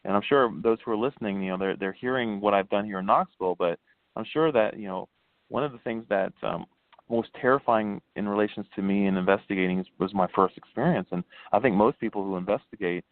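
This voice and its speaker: Talking fast on a dry, tinny phone line, a man who investigates the paranormal and founded a ghost tour spins history and ghost stories for a casual interview. He laughs often and his pitch swoops as he tells them; he was born in New Hampshire and raised in Florida.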